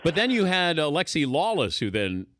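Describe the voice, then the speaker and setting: Lively sports radio host, joking questioner. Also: male voice, on the high side, moderate pace, a little hiss or hum. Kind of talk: sports talk show interview.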